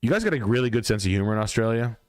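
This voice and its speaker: A man's voice: lowish voice, lively intonation, very fast, a little mellow, no echo. A man hosting a livestream, ranting bluntly and profanely in a casual, emphatic way. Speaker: livestream host.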